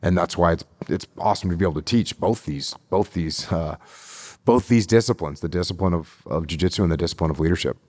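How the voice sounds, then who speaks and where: A middle-aged man from the United States, a podcast interview guest, speaks in a steady, measured way and repeats key phrases for emphasis. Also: deep voice, no echo. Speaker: guest, retired military officer.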